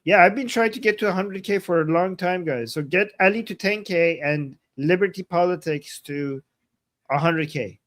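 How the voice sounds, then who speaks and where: A man co-hosting a casual livestream, playful and quick to laugh as he thanks viewers. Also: high-pitched. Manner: playful, animated, laughs easily. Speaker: livestream co-host.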